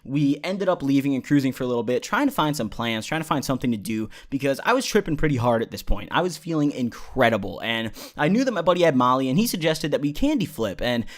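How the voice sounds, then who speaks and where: Lively young man telling stories. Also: medium pitch, fast talker, few pauses. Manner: animated, profane, rambling. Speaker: vlogger. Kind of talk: casual storytelling.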